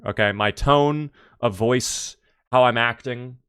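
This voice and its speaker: A man's voice: mid-range voice, takes it slowly, clear, resonant tone. A young man chatting casually while live-streaming a survival game, reading out chat and breaking into exasperated outbursts. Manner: animated, exasperated outbursts at his character.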